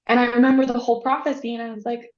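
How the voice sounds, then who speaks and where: A woman guest on a podcast telling a story in a casual, animated way, acting out the voices she quotes. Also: on the high side, rapid-fire. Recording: echoey, dull lo-fi sound.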